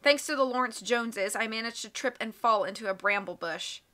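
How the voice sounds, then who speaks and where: A woman's voice: a little high, a little fast, pushed and bright, soft background music. A woman reading a weary young woman detective. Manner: frank, tired.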